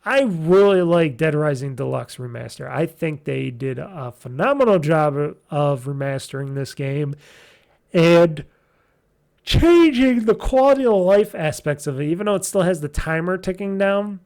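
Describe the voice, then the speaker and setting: A man with a gravelly edge and a fairly high voice, hosting a gaming podcast. He talks loosely and chattily, full of "um"s and restarts, like a casual solo game review. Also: expressive, measured pace, darkish tone.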